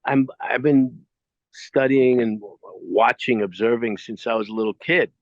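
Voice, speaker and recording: Speaking a little slowly in a medium-pitched voice, a middle-aged actor recounts anecdotes during an interview in an animated, casual way, voicing the quotes as if performing them. The recording is dry, slightly dull, and free of echo.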